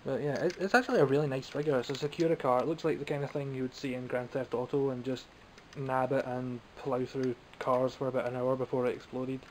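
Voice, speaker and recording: A man's voice: medium pitch, steady tone, quick pace, few pauses, a little hiss or hum, poor audio. A man with a Scottish accent, chatting casually and self-mockingly while showing off toys he bought. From Scotland. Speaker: toy collector vlogger. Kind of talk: casual show-and-tell vlog.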